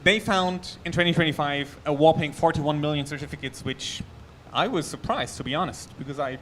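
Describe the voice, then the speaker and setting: A man's voice: fairly high pitch, brisk, fairly bright tone, a little hiss or hum. German man giving a chatty tech talk. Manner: loose, chatty delivery with restarts and asides. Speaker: conference speaker. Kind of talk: technical conference talk. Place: conference hall.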